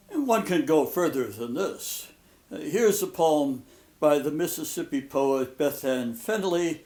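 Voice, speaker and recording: An older man talks through a recorded slideshow lecture on poetry and reads the poems aloud. His voice sits slightly high, and his pace is very slow and deliberate. Each line is given room to land. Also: a little mellow. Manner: measured, deliberate reading of poems.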